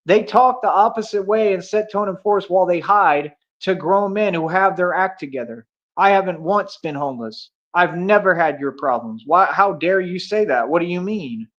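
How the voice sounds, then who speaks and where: A man's voice: high-pitched, moderate pace, fairly bright tone. A man hosting a livestream debate, combative and taunting, repeating himself and throwing in slang. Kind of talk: confrontational livestream argument. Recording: dull lo-fi stream audio.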